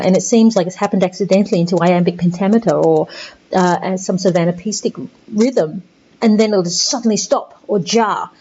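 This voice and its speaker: A woman talks through a literature lecture over slides, with a mellow, dark tone. She speaks in a chatty, halting way, full of fillers and restarts. The recording is dull and lo-fi, with a faint hiss behind her. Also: mid-range voice. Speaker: literature teacher.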